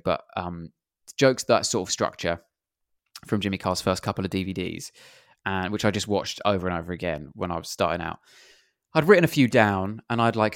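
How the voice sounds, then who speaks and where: Young English male comedian, low voice, dry sound, self-deprecating storyteller. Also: clear, resonant tone, dry recording. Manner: self-deprecating, rambling anecdotes. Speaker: comedian guest. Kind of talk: casual interview chat.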